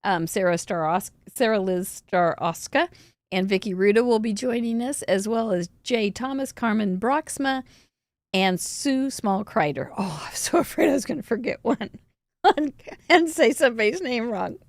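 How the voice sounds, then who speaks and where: A woman's voice: fairly high pitch, lively intonation, moderate pace, dry recording. Chatty giggling woman host. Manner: chatty, giggly, rambling with restarts. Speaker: host of a live cardmaking show. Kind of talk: casual livestream chat.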